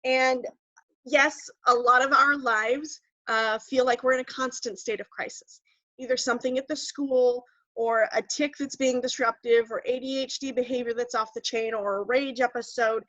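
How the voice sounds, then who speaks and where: A woman's voice: a little high, steady tone, moderate pace, fairly bright tone, no echo, muffled recording. A woman giving earnest parenting advice, often repeating words as she finds her phrasing, over a call. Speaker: guest speaker, parent.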